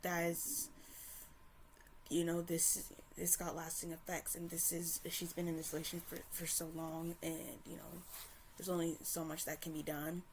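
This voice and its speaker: A woman's voice: fairly low pitch, monotone, normal speed, a little hiss or hum. A woman ranting to camera in a casual, heated and profane way, stumbling and restarting often. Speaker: commentator. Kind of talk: casual opinion rant to camera.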